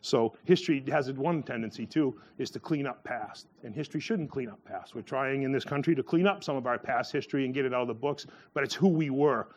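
A man giving a sermon in a loose, conversational way, full of fillers and restarts, who jumps up in pitch when he acts out the people in his stories. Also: brisk, few pauses. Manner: acts out quoted voices with a sharp rise in pitch. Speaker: preacher.

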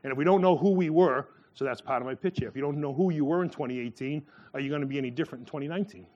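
A man preaching in a relaxed, rambling manner, his voice sitting a little high for a man. He trails through fillers and restarts, then springs up in pitch whenever he acts out someone in a story. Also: very fast, highs cut off. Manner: acts out quoted voices with a sharp rise in pitch. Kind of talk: sermon.

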